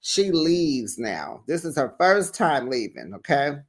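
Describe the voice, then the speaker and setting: A host casually recapping a reality TV episode, animated and sassy, tossing in "child" and "honey". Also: medium pitch, slow pace. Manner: animated and sassy, quotes cast members; colloquial, says "child" and "honey".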